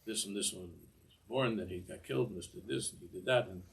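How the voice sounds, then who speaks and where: A man's voice: lowish voice, fast talker, creaky. An older man teaching a Torah class in a discursive way, often repeating words and mixing in Hebrew phrases.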